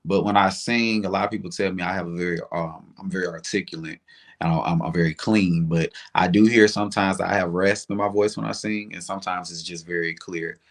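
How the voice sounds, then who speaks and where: A man's voice: deep voice, steady tone, brisk. A young man with a Southern accent, chatting animatedly as a singer guest in an interview, with lots of "like" fillers. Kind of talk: casual interview chat.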